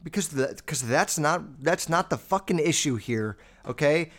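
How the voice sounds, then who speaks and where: A man's voice: on the high side, animated, a little slow, a bit bright. Male podcast host, blunt and profane, rambling casual rant. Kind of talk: casual ranting commentary.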